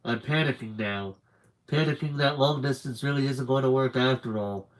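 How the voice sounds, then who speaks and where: A man reading a novel aloud in a live stream, in an earnest, plain and steady first-person narration. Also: medium pitch, moderate pace, poor audio. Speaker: book reader.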